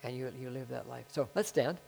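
A man preaching a sermon in an excitable way that swells into loud bursts, then leading a spoken prayer. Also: mid-range voice, fairly quick, creaky, a little hiss or hum, poor audio. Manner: prays aloud.

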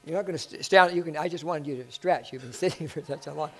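A man preaching a sermon in an excitable way that swells into loud bursts, then leading a spoken prayer. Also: on the high side, fast, husky, rough recording. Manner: prays aloud.

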